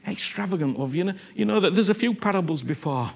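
A man preaching a sermon, earnest and animated, repeating himself and often asking whether he is understood. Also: high voice, fast talker, gravelly.

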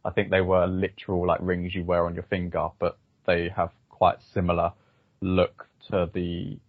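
With a deep, monotone voice at normal speed, a man hosts a podcast where he talks casually about movies, frequently hesitating with ums and restarts. The recording has no echo and sounds dull, dry, and a bit lo-fi.

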